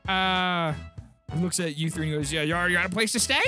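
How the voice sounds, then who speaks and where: A man voicing an eccentric, pushy old male taxidermist shopkeeper in a tabletop game, with a high voice that jumps in pitch. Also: quick pace, pushed and bright, faint music behind. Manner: high squeaky voice jumping in pitch, pushy salesman.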